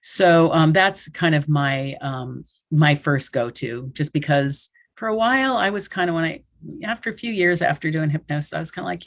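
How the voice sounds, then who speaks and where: A woman's voice: low voice, moderate pace. Chatty woman in her sixties teaching. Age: 60s. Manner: chatty, acts out client quotes with gestures. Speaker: hypnotherapist teaching a technique. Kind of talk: conversational online workshop teaching.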